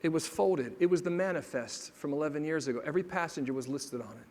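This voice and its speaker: Middle-aged male keynote storyteller, a touch high-pitched, humorous with quiet heartfelt turns; long hall reverb. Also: quick pace, a little hiss or hum. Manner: humorous, builds to hushed emotional moments. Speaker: motivational speaker.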